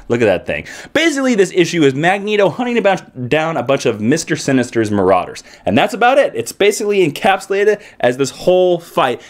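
Man from Kansas, comic book reviewer, casual vlog, enthusiastic, lively swooping delivery. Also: a little high. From Kansas, United States. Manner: enthusiastic, animated, swooping emphasis.

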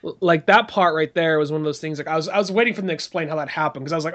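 A slightly high-voiced man on a casual movie podcast. He talks loosely and swears freely, often jumping into quick impressions of characters while retelling scenes. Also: a bit bright. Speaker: podcast co-host.

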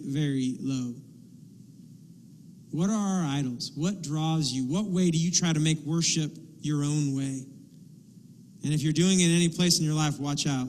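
Male pastor, high voice, animated sermon delivery, long church-hall reverb. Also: a little hiss or hum. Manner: animated, acts out quotes and asides. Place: church sanctuary.

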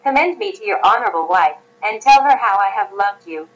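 A woman reading the part of a male merchant who calmly accepts his coming death, in an audiobook. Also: medium pitch, a little fast, lo-fi sound, lightly acted. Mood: resigned. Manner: calm, resigned.

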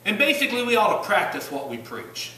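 A Southern-accented man from Virginia preaches emphatically in a church sanctuary, firing rhetorical questions at the congregation. His high voice swings hugely in pitch, runs a little fast, and sounds pushed and bright. The recording is roomy and distant, with slight background noise.

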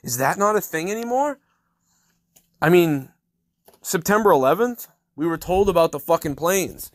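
A podcast host in his thirties delivering an angry, heavily profane solo rant, swearing constantly and working himself up into loud outbursts. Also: on the high side, animated, moderate pace, dry recording, clean studio sound.

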